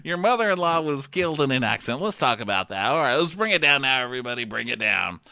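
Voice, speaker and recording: A man's voice: medium pitch, big pitch swings, fast talker, gravelly, bright, forceful tone, no room sound. A man co-hosting a comedy podcast, recapping gossip with sarcastic, laughing asides. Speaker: podcast co-host.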